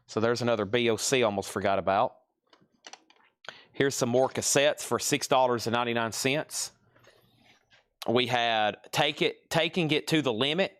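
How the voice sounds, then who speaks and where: A man hosting a live record sale, briskly calling out items and prices and repeating buyers' names. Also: mid-range voice, fairly bright tone, dry recording, clean studio sound. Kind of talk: live-stream sales patter.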